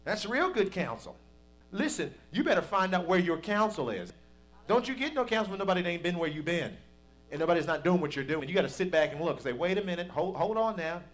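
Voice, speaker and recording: A man delivering a sermon as a pastor, his voice sitting a little high for a man. He speaks in a folksy, conversational manner and builds to emphatic, forceful peaks. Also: expressive, quick pace, faint music behind. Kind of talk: preaching a sermon.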